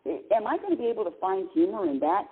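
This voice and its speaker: A woman in her sixties hosts a talk radio show and tells stories in an animated, exclamation-filled way, her pitch swooping widely. Her voice has a husky edge. The sound is thin and tinny, like a phone line. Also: fast talker. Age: 60s. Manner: animated storytelling with laughs and exclamations. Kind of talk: casual spiritual talk radio monologue.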